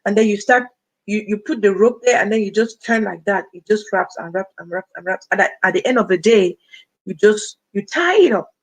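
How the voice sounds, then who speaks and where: A woman's voice: mid-range voice, lively intonation, brisk, low-quality recording. A woman with a Cameroonian accent, in her thirties, hosting a casual livestream and talking directly to viewers as she reads out their comments. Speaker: livestream host.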